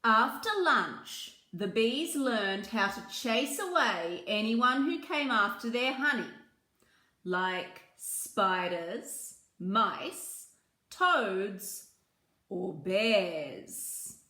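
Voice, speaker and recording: A woman reading a children's picture book aloud, slow and gentle, with asides about the pictures. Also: medium pitch, lively intonation, echoey room. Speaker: children's story reader.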